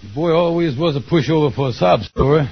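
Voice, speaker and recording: An actor playing a scheming, smooth-talking con man who groans theatrically in 1940s radio acting, on a dull old radio broadcast. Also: on the high side, brisk.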